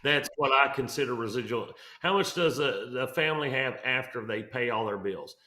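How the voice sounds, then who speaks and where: A man's voice: medium pitch, expressive, moderate pace, sharp tone, echoey room. A man talking through mortgage numbers on a real estate show, rambling with lots of fillers and restarts. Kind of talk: casual podcast explainer.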